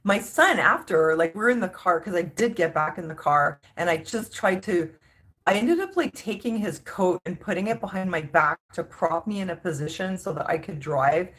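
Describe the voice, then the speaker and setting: A woman's voice: on the low side, lively intonation, normal speed, fairly bright tone. Exasperated woman venting to camera. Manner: exasperated, emphatic, many restarts. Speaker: vlogger. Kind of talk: casual storytelling rant.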